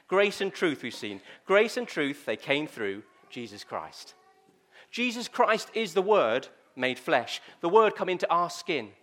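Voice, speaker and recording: A man preaching a sermon, talking directly to his listeners. He tells stories in a lively, conversational way, and his voice sits fairly high. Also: unhurried.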